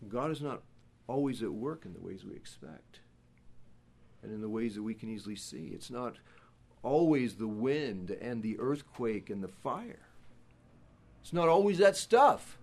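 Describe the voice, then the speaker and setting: A pastor preaching a sermon, who moves between hushed, quiet passages and loud, emphatic ones. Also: male voice, mid-range voice, very animated, unhurried, creaky.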